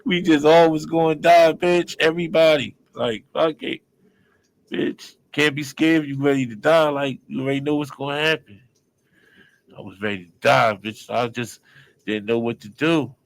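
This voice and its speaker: Man, interview guest, casual storytelling, heavy street slang, lots of swearing, average pitch. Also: moderate pace, gravelly, poor audio. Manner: profane, street slang, acts out the other people in his story.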